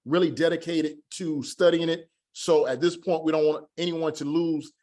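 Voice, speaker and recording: Man, slightly high voice, patient teacher, repeats words slowly, online class. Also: level tone, darkish tone.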